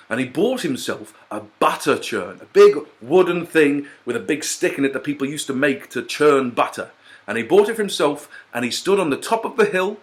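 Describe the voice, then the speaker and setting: A man telling a fairy tale in a playful, animated way with chatty asides. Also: medium pitch. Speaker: storyteller.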